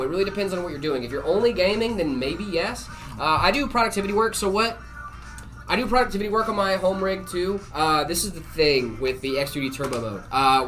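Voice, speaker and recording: A man hosting a live stream, casually answering viewer questions with lots of "uh" and "um" and easy jokes. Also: a little high. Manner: relaxed, full of "uh" and "um" fillers, jokey.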